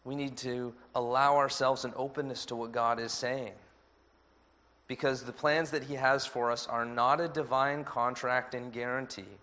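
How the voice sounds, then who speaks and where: A man preaching a sermon as pastor, measured and earnest. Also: medium pitch, steady tone, pushed and bright.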